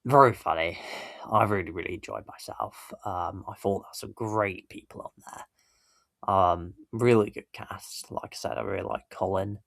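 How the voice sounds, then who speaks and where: Man, very deep voice, gravelly, dry close sound, rambling casual commentary. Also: moderate pace, a bit bright, no room sound. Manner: rambling, self-correcting, chuckling. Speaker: YouTube reaction host.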